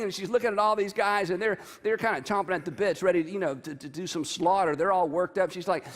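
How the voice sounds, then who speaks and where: A man preaching a sermon, reading scripture aloud with lively emphasis and talking straight to his congregation. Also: on the high side, fast talker, hardly any pauses, long reverb tail. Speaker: pastor.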